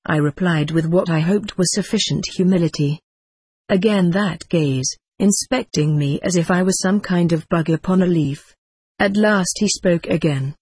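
A reader narrating a first-person story in a measured, even way. The voice is husky and slightly breathy, recorded dry and close with no room sound. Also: medium pitch, no room sound. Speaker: audiobook reader.

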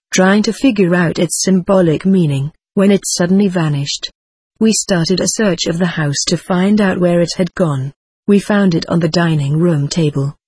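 A man reading a first-person account as audiobook narration, in a steady, measured way. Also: high-pitched, slightly rough, no echo.

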